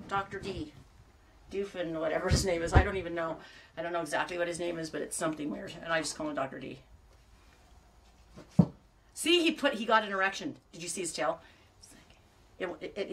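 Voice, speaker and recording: A woman's voice: on the low side, animated, a little fast, pauses often, fairly bright tone, far from the mic, slight background noise. A woman knitting vlogger talking in a rambling, self-mocking casual chat.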